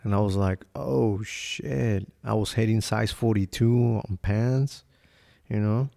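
A man's voice: on the low side, fairly even intonation, slow, creaky, mellow. A man hosting a podcast, telling a personal story in a casual, profane, laid-back way and acting out what people said. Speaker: podcast host.

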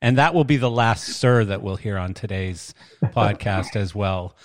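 A man's voice: fairly low pitch, fairly even intonation, measured pace, dry recording, studio quality. An older man hosting a podcast in a rambling, self-deprecating, chatty way. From Canada. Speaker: podcast host. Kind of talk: casual podcast chat.

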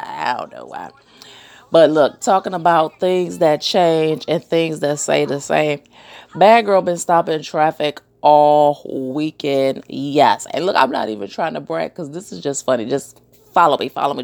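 A woman hosting a podcast, telling funny weekend stories in a casual, animated way and acting out the other people in them. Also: low voice, vocal fry, dry recording. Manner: animated storytelling, laughs often, acts out voices. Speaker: podcast host. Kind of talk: casual chat.

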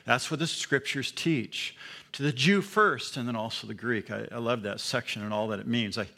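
A man's voice: mid-range voice, normal speed, creaky, sharp tone. A man preaching a sermon in a church, emphatic and asking the congregation questions. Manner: emphatic, with call-and-response questions. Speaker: pastor.

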